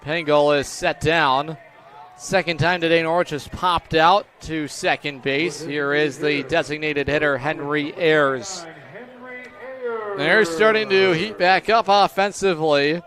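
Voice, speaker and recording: A man calling live baseball play-by-play, brisk and upbeat on each pitch. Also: steady tone, crowd noise. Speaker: play-by-play announcer.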